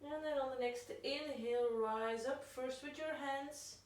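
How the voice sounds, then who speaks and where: A woman yoga instructor guiding a class through slow breath cues. Her voice sits slightly high and she takes her time with each instruction. She is heard from across a big, very reverberant room. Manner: slow, calm cueing of breath and poses. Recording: very echoey room, voice from far off.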